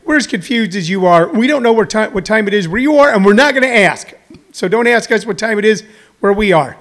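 A man's voice: sits high, animated, brisk. A middle-aged man hosting a live talk show, rambling and chatty with jokey asides, a little out of breath. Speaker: host.

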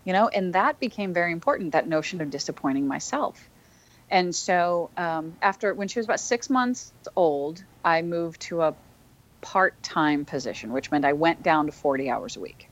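A woman's voice: lowish voice, lively intonation, normal speed, muffled recording. A woman who is a podcast guest, telling a personal story in an earnest, reflective way, with frequent fillers and restarts.

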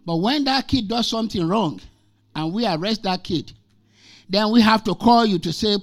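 High-voiced older man preaching. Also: moderate pace. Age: 60s. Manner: emphatic, repeats scripture lines, tells personal stories. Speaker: guest preacher. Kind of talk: sermon.

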